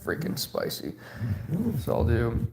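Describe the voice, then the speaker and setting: A man's voice: medium pitch, sing-song, slow pace, gravelly, noisy background. A man in his thirties chatting casually on a livestream, rambling and joking crudely. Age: 30s. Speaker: streamer.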